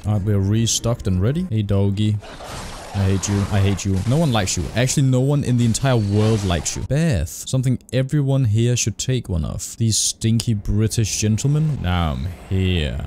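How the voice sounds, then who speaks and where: A young man giving casual, excitable gameplay commentary as a streamer, swearing often. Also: on the low side, a little hiss or hum. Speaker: gaming streamer.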